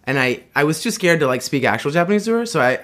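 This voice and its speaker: In a casual conversation, a man recounts a personal story in a high-leaning, fairly bright voice, talking fast and expressively. He rambles, restarts often, laughs a lot, and performs the voices of the people he quotes.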